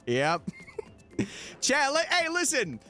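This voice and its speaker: Lively young man chatting on stream. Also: very high-pitched, takes it slowly. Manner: chatty, reads out and answers viewer messages. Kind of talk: casual livestream chat. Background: faint background music.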